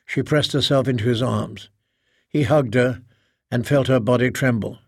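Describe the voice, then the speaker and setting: A man reads a novel aloud in a steady, measured narration. His voice has a gravelly grain at a middle pitch. The recording is dry and close to the mic. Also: no echo. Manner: measured, even storytelling. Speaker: audiobook narrator. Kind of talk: scripted narration.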